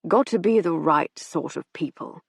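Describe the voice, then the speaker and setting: A woman voicing a drunk, oblivious man in an audiobook, slow and slurred. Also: deep voice, vocal fry, husky, dry recording, exaggerated voice. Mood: tipsy. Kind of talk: audiobook character reading.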